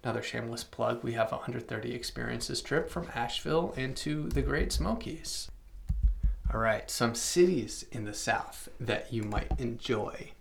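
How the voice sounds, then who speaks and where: A young man hosting a podcast, chatting casually about travel spots with lots of fillers, quick asides and self-aware plugs. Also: medium pitch, creaky, fairly bright tone, slight background noise. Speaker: podcast host.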